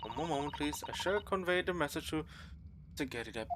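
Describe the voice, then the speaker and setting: A man's voice: on the high side, expressive, fairly quick, noisy background, natural voice. Prim English maid, as a man puts her on. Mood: polite. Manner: formal, polite. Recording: game music underneath.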